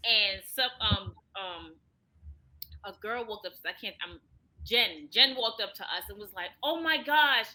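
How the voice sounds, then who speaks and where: A woman's voice: mid-range voice, a little slow, bright, forceful tone, low-quality recording. A woman from the US co-hosting a podcast, talking enthusiastically in a casual chat. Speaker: podcast host.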